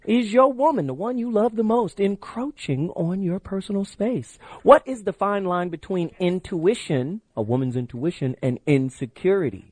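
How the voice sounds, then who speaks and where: A man's voice: sits high, animated, moderate pace, few pauses, a little mellow, no room sound. A middle-aged man hosting a radio call-in show, loose and brash, telling stories and pushing the phone number. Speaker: radio talk show host. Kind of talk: late-night radio call-in talk. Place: radio studio. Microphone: studio microphone.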